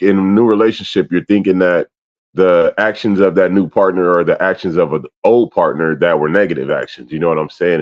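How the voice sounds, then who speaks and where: Animated man telling stories, muffled audio. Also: low-pitched. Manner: animated storyteller, acts out his own reactions with loud swearing. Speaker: podcast co-host. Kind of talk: candid casual chat.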